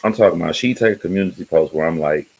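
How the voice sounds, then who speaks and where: Very deep-voiced man chatting casually. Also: fast talker, creaky, darkish tone, poor audio. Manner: loose, rambling, laughs often. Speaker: YouTube channel host. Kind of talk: casual livestream chat.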